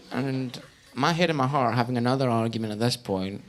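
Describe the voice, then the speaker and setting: A Scottish man doing stand-up comedy, telling self-deprecating stories with animated delivery. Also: medium pitch, fairly quick. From Scotland.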